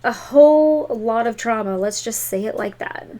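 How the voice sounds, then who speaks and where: A woman's voice: a little high, normal speed, mellow. A woman giving a tarot reading to viewers in an emphatic, encouraging way. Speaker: tarot reader.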